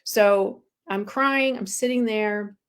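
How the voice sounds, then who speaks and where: A woman guest speaks candidly, a spiritual coach recounting her own past in an unpolished, conversational way. She pokes fun at herself and fills pauses with ums. Her pitch sits in a typical middle range. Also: clean tone. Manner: frank and self-deprecating, with frequent ums. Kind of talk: candid personal storytelling.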